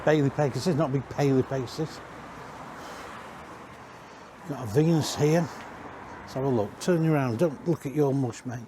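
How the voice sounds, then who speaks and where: A man's voice: medium pitch, a little fast, background noise. A man giving a casual, rambling walk-around tour inside used caravans, chatting and correcting himself as he goes. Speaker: caravan industry reviewer.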